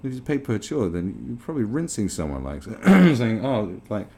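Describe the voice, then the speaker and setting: British guy ranting in disbelief, lots of swearing, low gravelly voice, slight hiss under it. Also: very animated, moderate pace, dark tone. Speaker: commentary host. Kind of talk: reaction commentary.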